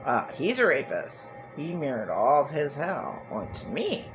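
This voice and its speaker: A woman's voice: deep voice, wildly swooping pitch, unhurried, faint music behind, poor audio. A middle-aged woman giving an emotional monologue to camera, agitated and profane, repeating herself and restarting her sentences. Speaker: vlogger.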